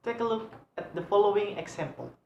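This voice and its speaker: A young woman with an Indonesian accent, a student presenting a lesson on English word stress, halting and repeating example words over and over. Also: medium pitch, very animated, vocal fry, warm tone, dull audio, slight background noise. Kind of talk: slow read-aloud lesson on word stress. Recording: echoey room.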